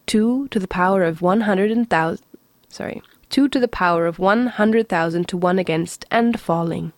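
Woman doing a calm, pleasant ship's voice. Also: lowish voice, normal speed, dry recording, natural voice. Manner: pleasant, sensible, level announcements.

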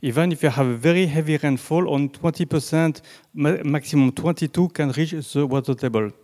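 A man with a French accent, a native French speaker, giving a slow, halting presentation with slides and frequent restarts. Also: on the high side, mellow. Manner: halting, many restarts and fillers, deliberately slow. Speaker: presenter on groundwater.

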